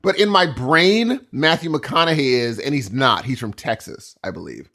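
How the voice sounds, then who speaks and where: A man's voice: mid-range voice, animated, normal speed, bright, forceful tone. A young man co-hosting a podcast, rambling in casual chat and acting out little voices. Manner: rambling, jokey, acts out voices. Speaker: podcast co-host.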